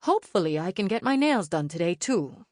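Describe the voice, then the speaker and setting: A woman's voice: lowish voice, big pitch swings, fairly quick, darkish tone, no room sound, studio quality. A woman voicing a busy Mexican-born mother with a Mexican accent, friendly and practical, in an audiobook. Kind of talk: audiobook character voice.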